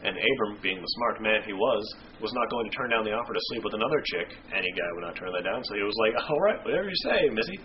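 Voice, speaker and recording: Man, casual Bible-study host, irreverent and slangy, fast delivery, slight background hiss. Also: on the low side, steady tone. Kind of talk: scripture reading and casual explanation. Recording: dull lo-fi home recording.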